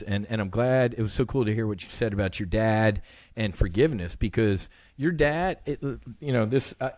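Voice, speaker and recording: A man's voice: lowish voice, a little mellow, dry recording. A middle-aged man guest talking earnestly in a casual interview, swearing freely and acting out conversations.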